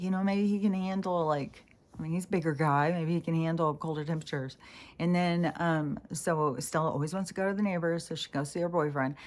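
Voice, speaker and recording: A woman with a slightly low voice rambles through a casual vlog story. She laughs between sentences, swears freely, and slips into mocking voices when she quotes other people. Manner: chatty, laughing often, swearing, quoting people in put-on voices. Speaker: vlogger.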